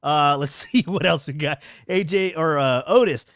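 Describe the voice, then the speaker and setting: A young man with a higher-pitched, fairly bright voice hosts a casual podcast stream from home at a moderate pace. He rambles, repeats himself and reads chat aloud. The sound is clean studio quality without echo.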